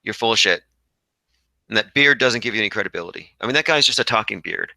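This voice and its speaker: Young guy ranting on his livestream, super bright edgy voice, dry close sound. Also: on the low side, animated, rapid-fire, gravelly, dry recording, rough recording. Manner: rambling, combative, reads viewer comments aloud. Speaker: livestream host reading chat. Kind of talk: casual livestream chat.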